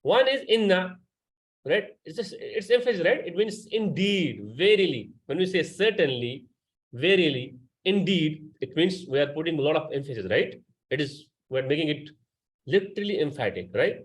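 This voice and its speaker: A man's voice: a little high, animated, moderate pace. A man teaching a Quran class, patiently explaining grammar and quizzing his students. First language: Urdu.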